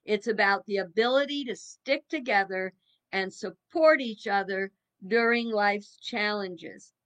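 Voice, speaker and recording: Slow, bright-voiced woman in her seventies. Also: medium pitch. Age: 70s. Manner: folksy, musing, with chuckles. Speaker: minister. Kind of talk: reflective evening talk.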